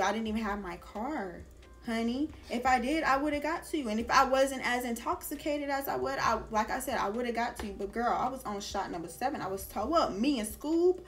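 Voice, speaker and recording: A woman's voice: fairly high pitch, a bit bright. A young woman vlogger telling a casual storytime, slangy and chatty with lots of "like" and "girl".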